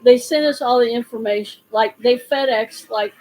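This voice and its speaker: A woman's voice: a little high, moderate pace, a little mellow, a little hiss or hum, low-quality recording. A middle-aged woman, the host's mother, chatting casually and correcting details of a shared story. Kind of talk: casual chat.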